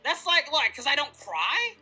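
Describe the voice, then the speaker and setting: A woman's voice: high-pitched, very animated, normal speed, pushed and bright, faint music behind. A woman co-hosting a live stream, arguing heatedly in casual debate and swearing often. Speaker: stream co-host.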